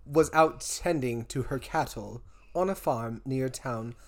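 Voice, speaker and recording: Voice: medium pitch, unhurried. A podcast co-host casually telling a true-crime story, laughing often and dropping crude jokes.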